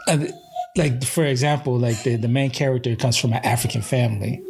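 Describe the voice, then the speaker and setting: Animated man retelling a movie. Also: mid-range voice, fairly quick, gravelly, a little hiss or hum. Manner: animated storyteller, retells scenes with quoted voices. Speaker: podcast host. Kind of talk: casual movie review chat.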